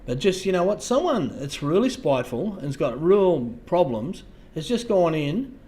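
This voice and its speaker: An Australian man hosting a casual livestream, talking to viewers in a halting way, repeating words and trailing off softly. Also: a little high, very animated, slight background noise. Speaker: livestream host.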